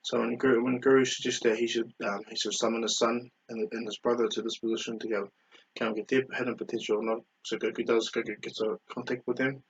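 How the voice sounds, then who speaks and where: A man's voice: medium pitch, flat delivery, quick pace, breathy edge, highs cut off. A man casually retelling a fan story, rambling with many fillers and self-corrections.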